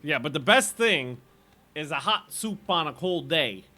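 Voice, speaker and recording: A man's voice: a little high, animated, a little slow, bright, forceful tone. A man casually chatting with viewers while streaming a game, rambling and laughing often.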